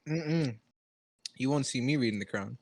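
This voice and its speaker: A man playing a tabletop game with friends, talking in a laid-back, deadpan joking way. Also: medium pitch, normal speed, a little hiss or hum. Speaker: player. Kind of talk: casual tabletop game chat.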